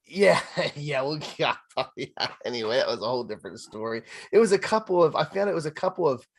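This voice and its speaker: A man's voice: on the high side, animated, fairly quick. A man, hosting a podcast in casual chat and telling stories animatedly, laughing often. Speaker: podcast host.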